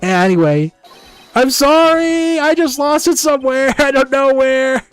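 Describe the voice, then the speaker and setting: A man's voice: high-pitched, normal speed, no echo, soft background music, close to an everyday voice. A man doing a stammering crybaby thief, whiny and jumpy. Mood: whimpering panic. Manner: stuttering, whiny, apologetic.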